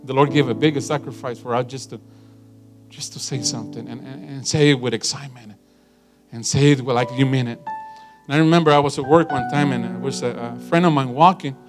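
A middle-aged man preaching a sermon in an animated, emphatic way, telling stories to a congregation. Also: medium pitch, fairly quick. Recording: guitar and piano music underneath.

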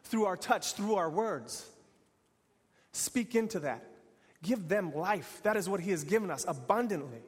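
A man's voice: high-pitched, expressive, measured pace, slightly rough, in a large hall. A man preaching an earnest sermon in repeated, building phrases. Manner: earnest, repetitive, building to exhortation.

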